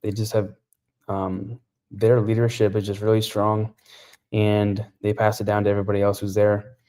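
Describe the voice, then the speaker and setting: Man, low voice, monotone, relaxed halting chat, interview guest. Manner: relaxed, halting with many fillers. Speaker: CrossFit athlete, podcast guest.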